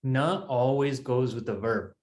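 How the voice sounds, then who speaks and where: A man's voice: mid-range voice, measured pace, darkish tone, reverberant. A man teaching a Sanskrit class, explaining patiently step by step. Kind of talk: online language class.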